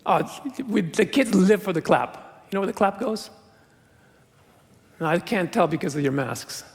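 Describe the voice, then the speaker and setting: In a large church sanctuary whose long reverb fills the recording, a middle-aged pastor gives an earnest, conversational sermon with self-deprecating humor. His voice sits high and sounds animated, and he keeps a moderate pace.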